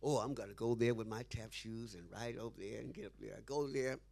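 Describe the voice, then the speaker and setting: A man's voice: on the low side, fairly quick, vocal fry, a little mellow. A man being interviewed who tells a story with animation, acting out the dialogue and laughing often. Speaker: interview guest.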